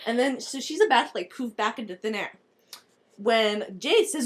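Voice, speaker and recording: A woman's voice: a little high, lively intonation, moderate pace, a little hiss or hum. A woman improvising a silly story, giggly and rambling.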